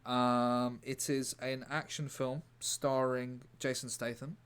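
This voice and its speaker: A man streaming live in a rambling, deadpan way, breaking off to answer his chat. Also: medium pitch, slow, clear, resonant tone. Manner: rambling, deadpan, self-interrupting. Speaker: livestreamer reading chat. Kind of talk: casual livestream chat.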